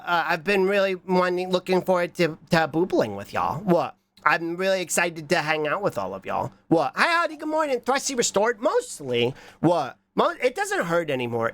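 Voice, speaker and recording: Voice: medium pitch, fairly bright tone. A streamer with a stuffed-up nose from a cold, chatting casually and rambling while reading chat. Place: hot room indoors.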